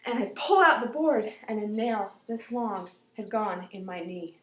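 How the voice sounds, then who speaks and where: A woman telling a personal story aloud in an animated way, dropping to whispers and rising to loud outbursts. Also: medium pitch, a little slow, reverberant.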